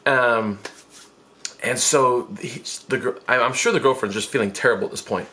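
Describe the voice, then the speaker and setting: A man in his twenties telling a comic story from his life, animated and self-mocking, jumping into squeaky quoted voices. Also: moderate pace, a little hiss or hum. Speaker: vlogger.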